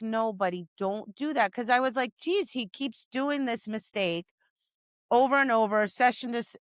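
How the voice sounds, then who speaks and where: A dog trainer co-hosting a podcast chats casually and animatedly, voicing her dog's replies and scolding owners in exasperation. Her voice is a little high and somewhat bright, captured in a dry recording.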